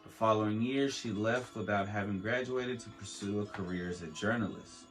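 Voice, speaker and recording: Low-voiced man reading over faint beats. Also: normal speed, hardly any pauses, a bit bright, soft background music, rough recording. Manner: reads aloud with stumbles, restarts and joking asides. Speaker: podcast host. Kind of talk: casual reading with asides. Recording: faint beat playing under the voice.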